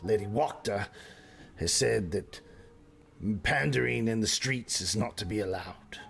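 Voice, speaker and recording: A man playing a surly town guard who warns a stranger off in a brusque, quick manner. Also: fairly low pitch, gravelly, fairly bright tone, a little hiss or hum. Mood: warning.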